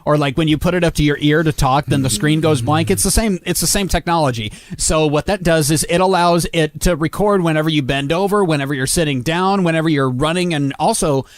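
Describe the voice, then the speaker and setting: A man's voice: a little high, a little fast, hardly any pauses, no room sound. A man co-hosting a radio show, joking in casual banter and laughing often, with many fillers and restarts. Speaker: radio co-host. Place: radio studio.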